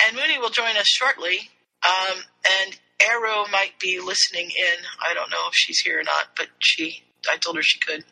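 A woman's voice: lowish voice, fairly even intonation, moderate pace, creaky, bright, forceful tone, low-quality recording. A woman co-hosting a podcast in casual chat, chatty and easygoing, laughing often. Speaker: podcast co-host.

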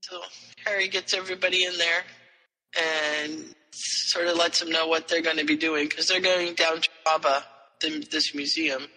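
A man's voice: fairly high pitch, normal speed, in a large hall, rough recording. A man co-hosting a podcast, recapping a story in casual chat and animatedly acting out the characters' lines. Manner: animated retelling with quoted voices. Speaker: podcast co-host.

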